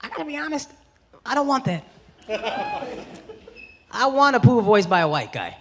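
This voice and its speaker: A man in his thirties doing a stand-up comedy set, brash and profane, shouting his punchlines. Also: very high voice, very animated, moderate pace, creaky, noisy background. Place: comedy stage before a live audience. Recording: live club recording with loud crowd. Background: loud audience laughter.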